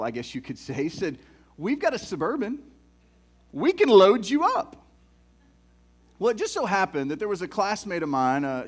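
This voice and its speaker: Animated pastor telling stories. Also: male voice, high-pitched. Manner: animated, folksy storytelling with many restarts. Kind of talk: sermon with storytelling.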